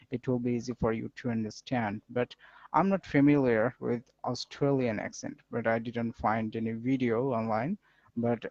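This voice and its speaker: A man chatting casually in conversation practice, halting and searching for words. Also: mid-range voice, dark tone, no room sound, muffled recording. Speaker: conversation partner asking questions.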